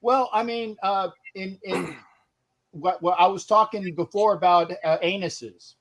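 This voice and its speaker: A man co-hosting a casual football podcast, talking in a wry, deliberate way with jokey asides. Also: high voice, a bit bright. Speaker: podcast co-host and football analyst. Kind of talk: casual sports podcast chat.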